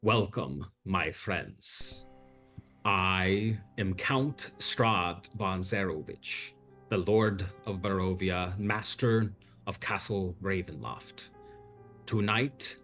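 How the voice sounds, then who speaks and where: A man voicing an imperious male vampire count, formal and measured in a tabletop game. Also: low voice, a bit bright.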